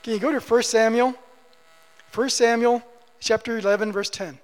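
A man preaching a sermon as pastor, repeating key phrases and moving between loud emphatic lines and quiet, low asides. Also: fairly even intonation, moderate pace, in a large hall.

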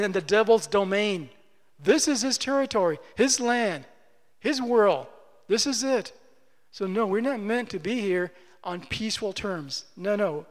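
A man preaching a sermon as pastor, emphatic and repeating phrases for stress. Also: very high-pitched. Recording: long hall reverb.

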